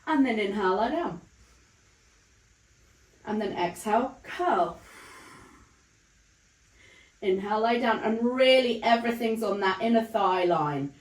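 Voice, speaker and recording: A woman leading a Pilates class, calmly talking through the moves while she demonstrates them. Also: fairly high pitch, a little slow, pauses often, roomy sound, low-quality recording. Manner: calm counting of breaths while demonstrating. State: breathless, counts fading to breathy whispers during exertion. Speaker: Pilates instructor. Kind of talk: guided exercise instruction.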